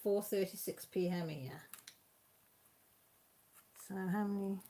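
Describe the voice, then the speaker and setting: A woman's voice: medium pitch, slow, dark tone. A woman with a US West Coast accent, hosting a casual livestream and chatting to viewers in rambling asides. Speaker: livestream host.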